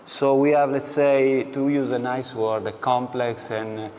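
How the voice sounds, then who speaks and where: A man of ordinary pitch answers interview questions as a company executive, slowly and deliberately with many fillers. The echo of a large hall lingers on his words. A faint background hum sits underneath. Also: flat delivery, a little mellow. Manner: measured, with many pauses and fillers.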